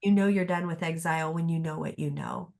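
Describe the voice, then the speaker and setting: A middle-aged woman therapist appears as a guest on a podcast, sounding reflective and earnest and frequently restarting her sentences. Her low voice is sing-song, creaky, and darkish in tone, and she talks a little fast.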